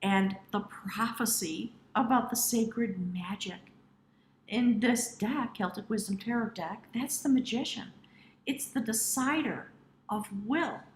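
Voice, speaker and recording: A woman's voice: a little high, takes it slowly, roomy sound, slight background noise, low-quality recording. Earnest woman giving a tarot reading. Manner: earnest, addresses the viewer directly. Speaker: tarot reader. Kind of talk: intuitive tarot reading to camera.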